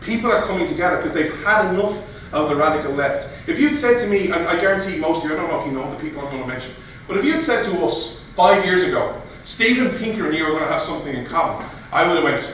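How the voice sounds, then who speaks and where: Man giving an animated speech in an echoey room. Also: fairly high pitch, fast, hardly any pauses, far from the mic, a little hiss or hum. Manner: animated, storytelling with mock voices. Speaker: guest speaker. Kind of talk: speech at a political meeting. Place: meeting room.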